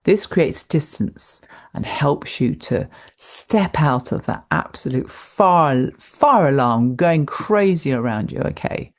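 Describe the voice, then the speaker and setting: A middle-aged woman therapist, calmly and gently talking through numbered self-help tips. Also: low-pitched, slow pace, few pauses. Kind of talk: self-help advice talk.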